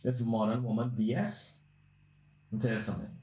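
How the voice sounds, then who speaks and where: Recorded with a roomy echo, this podcast host has a mellow mid-range voice that barely moves in pitch, at normal speed. His long casual story comes out crude, blunt, and meandering.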